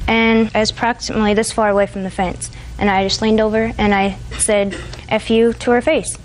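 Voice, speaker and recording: A woman's voice: mid-range voice, flat delivery, a little fast, faint music behind, rough recording. A woman in her twenties testifying in a TV courtroom, retelling events in a rambling, hesitant way. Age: 20s. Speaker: defendant.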